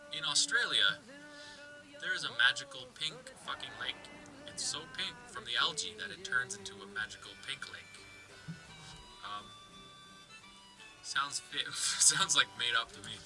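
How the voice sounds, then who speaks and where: A man's voice: medium pitch, lively intonation, unhurried, pauses often, sharp tone, faint music behind, poor audio. A man from Canada ranting in an exasperated, sweary, incredulous way on a comedic vlog. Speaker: vlogger.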